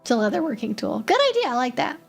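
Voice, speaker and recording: Young woman streamer, slightly high voice, loose chatty delivery with faint music under it. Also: big pitch swings, fast, breathy edge. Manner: chatty, reads chat aloud, frequent fillers and restarts. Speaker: stream host answering chat questions. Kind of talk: casual live-stream chat.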